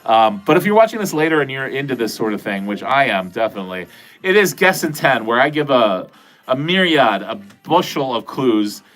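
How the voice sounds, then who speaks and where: A middle-aged man from New England chats through a casual livestream, wandering from topic to topic with jokes and swearing. His pitch sits in the middle range, and faint music plays underneath. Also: sing-song, a little fast, a bit bright. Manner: rambling, profane, jokey, talks to chat. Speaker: livestream host.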